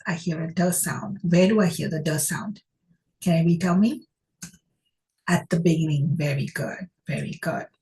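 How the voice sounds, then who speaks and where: A woman's voice: on the low side, dark tone, low-quality recording. A woman teaching a phonics lesson, who asks her class questions and praises each answer.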